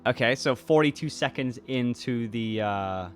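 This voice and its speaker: A man's voice: medium pitch, measured pace, faint music behind. A man in his twenties with a mixed British and American accent, chatting casually and rambling through viewer comments as a YouTuber. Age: 20s. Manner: rambling, restarts sentences, reads comments aloud. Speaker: YouTuber and voice actor. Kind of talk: casual chat reacting to comments.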